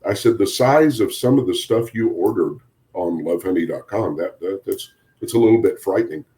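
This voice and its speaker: A man with a lowish voice tells a long prank story in a casual podcast chat. He is a sheriff's deputy who chuckles as he goes and acts out what each person said. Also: fairly quick, mellow. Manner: amused, chuckles through his story, quotes people in dialogue.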